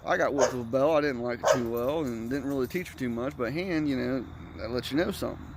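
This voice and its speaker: In a very noisy recording, a man with a mid-range voice talks fast as he casually rambles through family stories, swearing freely and animatedly taking on other people's voices.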